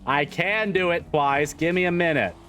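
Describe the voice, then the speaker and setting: A man's voice: a little high, moderate pace, sharp tone, a little hiss or hum. A man streaming a driving game live, chatting casually, swearing and repeating himself as he gets frustrated.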